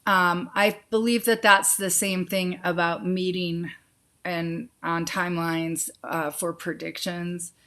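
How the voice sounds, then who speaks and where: A woman hosts a laid-back live psychic Q&A, her voice low-leaning and a bit bright, with little pitch movement. She voices each viewer's question and answers with a quick intuitive yes or no, using pet names like honey and sweetie.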